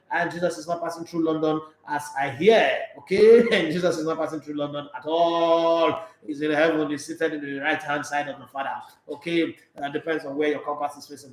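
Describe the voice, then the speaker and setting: Brief: Nigerian male sports host, high voice, playful and talkative, echoey room. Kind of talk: casual live-stream chat reading viewer comments.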